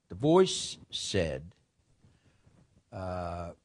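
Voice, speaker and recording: A man's voice: low-pitched, animated, measured pace, pauses often, slight background noise. A man giving an informal lecture on writing, rambling and digressive, with profane asides.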